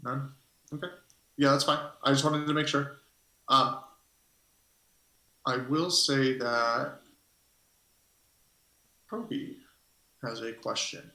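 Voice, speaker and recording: A man's voice: medium pitch, fairly even intonation, slow, pauses often, sharp tone. A man narrating a tabletop game as game master, rambling and hesitant as he thinks aloud. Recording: echoey room.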